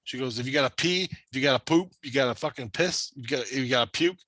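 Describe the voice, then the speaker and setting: Speaking quickly in a mid-range, fairly bright voice, a man recounts a spirit-world experience in a long, rambling story. The conversation is casual but intense, he swears constantly, and there's no echo.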